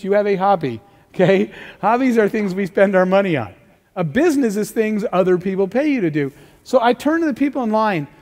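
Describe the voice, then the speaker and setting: A middle-aged man giving an energetic motivational talk as a keynote speaker, telling stories and acting out the dialogue. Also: high voice. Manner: energetic storytelling, acts out dialogue, rising emphasis. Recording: long hall reverb.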